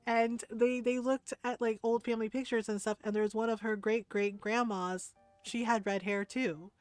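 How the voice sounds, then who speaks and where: Animated woman streamer, dry close sound. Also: a little high, normal speed, smooth, no echo, soft background music. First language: Tagalog. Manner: animated, swears freely, laughs often, quotes herself heatedly. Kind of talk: casual storytelling while gaming.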